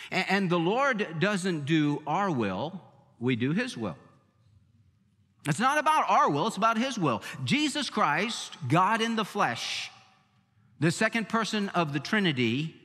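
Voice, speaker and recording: A man's voice: a little high, fairly bright tone, big-room sound. A man preaching a sermon as pastor, emphatic and repeating key phrases for weight.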